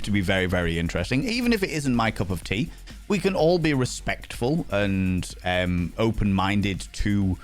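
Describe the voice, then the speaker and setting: Playful man streaming. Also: on the low side. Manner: playful, theatrical, laughs often. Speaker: game streamer. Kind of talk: casual live-stream chat.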